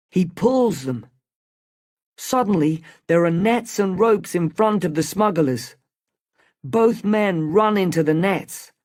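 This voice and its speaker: Narrator: a man reading a learners' storybook, slow and careful. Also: sits high, darkish tone. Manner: slow, careful, clearly spoken.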